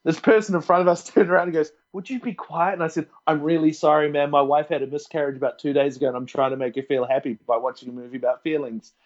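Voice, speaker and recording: A man's voice: on the high side, steady tone, fast, hardly any pauses. A man from New Zealand, his accent plain, chats as a podcast guest with a slightly raised voice. He tells stories playfully and laughs a lot. The recording sounds a little muffled and lo-fi. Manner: laughs often, playful storytelling. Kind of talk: casual podcast chat.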